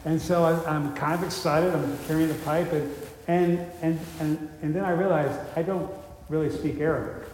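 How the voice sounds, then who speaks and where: A male preacher tells stories during a sermon in a conversational way, full of fillers and restarts. His voice sits on the high side with a darkish tone. The echoey church hall adds reverb and faint ambience, plus a little hiss or hum.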